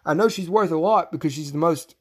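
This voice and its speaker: A man's voice: fairly high pitch, brisk, slightly rough. A young man hosting a casual fight podcast, ranting with lots of profanity and getting worked up. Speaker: podcast host. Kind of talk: casual MMA podcast commentary.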